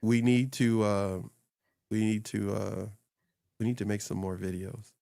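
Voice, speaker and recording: Male host, casual coaching talk, low voice, loose and rambling, dry close recording. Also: steady tone, measured pace, vocal fry, mellow, no echo. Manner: loose and rambling, laughs often. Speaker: social media coach and host. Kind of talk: casual chat.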